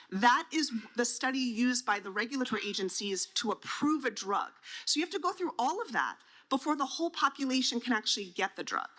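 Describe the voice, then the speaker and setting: A woman's voice: on the high side, sharp tone. A woman on a conference panel, explaining drug trials to families in a plain, teacherly way, asking and answering her own questions.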